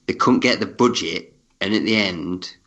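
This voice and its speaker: A man trades dry teasing in a casual podcast chat. His voice is very low yet bright and forceful in tone. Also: moderate pace, lo-fi sound. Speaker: podcast co-host.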